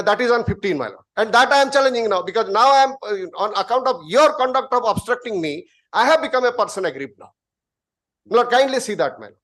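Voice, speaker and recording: Courtroom lawyer, man, Indian English, high voice, pressing his point. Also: fairly bright tone. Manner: insistent, addresses the bench as my lord. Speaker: advocate. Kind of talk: courtroom argument.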